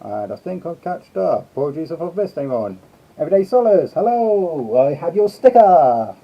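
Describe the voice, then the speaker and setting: A man's voice: a little high, very animated, moderate pace. A man hosting a casual live stream, chatting and greeting his viewers one by one. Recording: slightly dull lo-fi sound.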